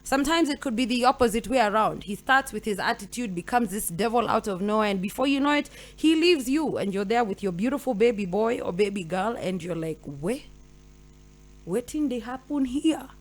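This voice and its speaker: A young Kenyan woman hosting a radio talk show, telling a story with lively voices for each side and slipping Swahili slang into her English. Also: medium pitch, fairly quick, few pauses. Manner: animated storytelling, acting out both partners. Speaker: radio host.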